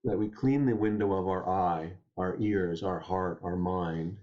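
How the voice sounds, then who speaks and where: Gentle reflective man, low voice. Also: fairly even intonation, unhurried, muffled recording. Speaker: guest poet. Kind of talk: reflective storytelling and poetry reading.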